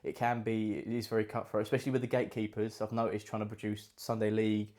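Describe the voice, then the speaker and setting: A young man from England hosting a casual chat, talking quickly in a loose, rambling way. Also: fairly low pitch, level tone, a little mellow. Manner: fast, chatty, rambling. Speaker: podcast host and actor.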